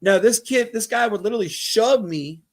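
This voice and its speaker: A man from Mobile, Alabama with a Southern accent, hosting a casual sports podcast and telling stories in an animated way, laughing often. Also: sits high. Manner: animated, laughing, quick asides. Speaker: podcast host. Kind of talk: casual chat, storytelling.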